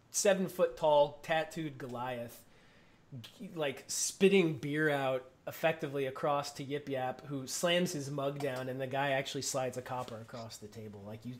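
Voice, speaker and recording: A man running a tabletop game as game master, narrating casually and filling pauses with "like". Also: medium pitch. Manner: casual, filler-heavy with frequent "like".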